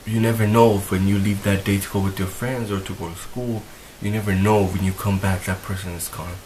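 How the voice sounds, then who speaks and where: A man's voice: deep voice, little pitch movement, a little fast, few pauses, a little mellow, a little hiss or hum, poor audio. A young man talking earnestly to his viewers in a heartfelt vlog, rambling and repeating himself as he gets emotional. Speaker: vlogger. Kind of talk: earnest talk to camera.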